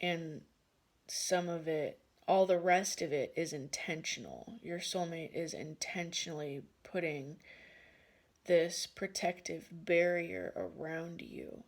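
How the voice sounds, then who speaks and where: A woman's voice: low voice, slow. A woman giving a casual tarot reading who laughs often and swears freely. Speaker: tarot card reader.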